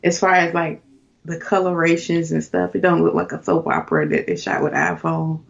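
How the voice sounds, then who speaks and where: A woman's voice: sits low, moderate pace, vocal fry. Chatty woman on a dull lo-fi podcast. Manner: chatty, animated, lots of fillers. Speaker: podcast co-host. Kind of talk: casual chat.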